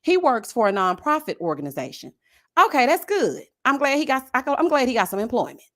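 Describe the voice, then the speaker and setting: A woman hosting a casual live chat about a reality TV show. She talks in a sassy, animated way and keeps calling her viewers "y'all" and "honey". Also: high-pitched, brisk.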